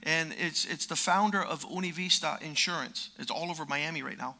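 Man, 50s, preacher, storytelling sermon, high voice, gravelly, emphatic. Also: a little fast, pushed and bright. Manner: storytelling, acts out quoted dialogue, rises to emphatic peaks. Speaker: preacher and lawyer.

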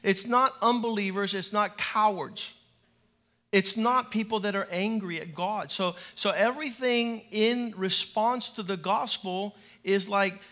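Bright-voiced, high-pitched male preacher. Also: measured pace. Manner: animated, playful, acts out church responses. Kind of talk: lively sermon with congregation call-and-response. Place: church sanctuary before a large congregation.

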